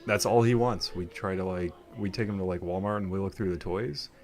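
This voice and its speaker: A young man with a very deep, low voice, talking into a headset. He chats in a relaxed, rambling way, as the host of a casual talk. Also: a little fast, faint music behind. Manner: laid-back, rambling storyteller. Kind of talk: casual chat.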